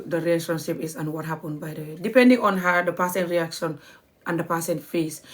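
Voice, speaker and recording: Chatty woman teaching on a livestream. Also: fairly low pitch. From Gambia. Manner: chatty, spells words out letter by letter, laughs often. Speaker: language teacher. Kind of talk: live-streamed language lesson.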